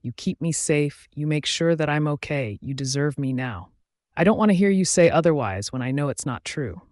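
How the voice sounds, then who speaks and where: A man's voice: fairly high pitch, expressive, moderate pace, a little mellow, dry recording, studio quality, natural voice. A man voicing an earnest, forgiving young mate who pleads insistently in an audiobook romance. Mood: pleading.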